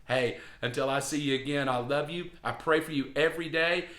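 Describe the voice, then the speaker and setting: A man's voice: a little high, brisk, sharp tone, roomy sound. A man preaching a devotional sermon, earnest and encouraging, and building to emphatic peaks. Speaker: pastor.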